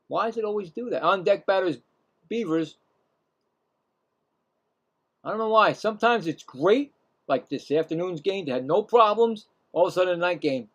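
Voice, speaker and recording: A man with a Brooklyn accent hosting a casual live play-by-play stream, chatting and rambling between pitches. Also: lively intonation, moderate pace, long pauses. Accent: Brooklyn New York.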